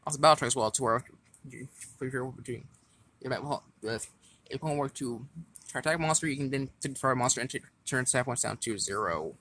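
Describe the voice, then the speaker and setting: A man casually walking through his card game deck, reading effects aloud in a halting way with stumbles and restarts. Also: medium pitch, fairly bright tone, slight background noise.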